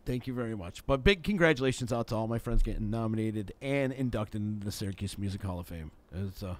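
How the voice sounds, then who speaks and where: Host, male, lively storyteller, bursts into loud quoted shouts, easy studio banter. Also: on the low side, fast. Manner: animated storyteller who shouts out quoted lines. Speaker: radio show host. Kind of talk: casual studio chat. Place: local radio studio.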